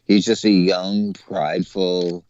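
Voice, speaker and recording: Deep, dark-voiced male guest. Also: slow pace. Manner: relaxed storyteller, fillers, cautious disclaimers. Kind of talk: casual chat. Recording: dull, dry, lo-fi sound.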